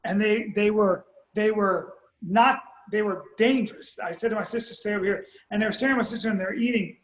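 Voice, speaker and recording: High-voiced man in an echoey room. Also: a little fast. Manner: blunt, profane, exaggerating storyteller. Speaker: podcast co-host. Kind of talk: casual storytelling chat. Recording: roomy echo.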